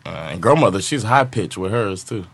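Relaxed, teasing man, lowish voice. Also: brisk, heavy background noise. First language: Swedish. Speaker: podcast host. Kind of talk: casual chat.

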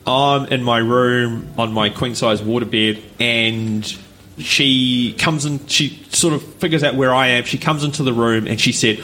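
A man's voice: mid-range voice, unhurried, slight background noise. A man, co-hosting a podcast and telling a story casually, laughing and acting out voices as he goes. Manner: animated, laughs often, acts out voices. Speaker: podcast co-host. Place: live recording with audience.

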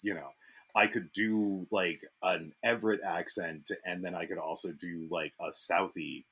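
A man, a guest in a casual podcast conversation. His voice is very low, yet bright and forward, with a husky edge. He talks in an easygoing, self-deprecating way. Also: steady tone, measured pace.

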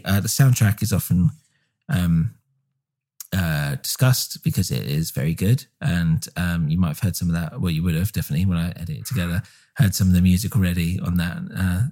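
A man with a deep voice co-hosts a podcast in a relaxed, enthusiastic way. His tone is dark and mellow, and he fills his pauses with ums. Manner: relaxed, filler-heavy, enthusiastic. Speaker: podcast co-host. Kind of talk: casual chat.

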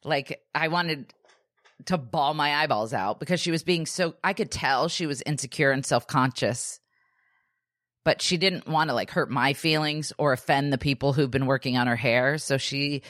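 A low-pitched woman co-hosting a podcast tells a story in an easy, chatty way and slips into the voices of the people she quotes, dropping "like" and "dude" all the time. The sound is close and completely dry, with no room echo. She sounds like she's in her thirties. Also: normal speed. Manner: animated, acts out quoted voices, says "like" and "dude" a lot. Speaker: podcast co-host. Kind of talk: casual storytelling chat.

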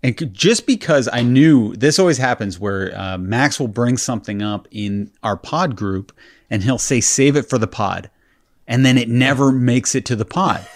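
A man with a middle-pitched voice chats on a podcast. He tells his stories in a loose, rambling way, chuckling as he goes. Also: animated, normal speed. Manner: rambling, amused storyteller who laughs while telling. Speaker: podcast co-host. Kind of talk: casual chat, storytelling.

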